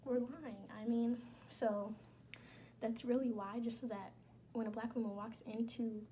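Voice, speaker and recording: A woman's voice: fairly high pitch, fairly even intonation, measured pace, mellow, a little hiss or hum. A young woman talking casually and bluntly to her viewers, slangy and emphatic. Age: young adult. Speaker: vlogger. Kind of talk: casual chat.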